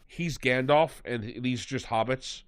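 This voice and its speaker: A man's voice: medium pitch, measured pace, dry recording. A man hosting a podcast, recapping and mocking a fantasy series in casual, rambling, sarcastic chat. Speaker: podcast host.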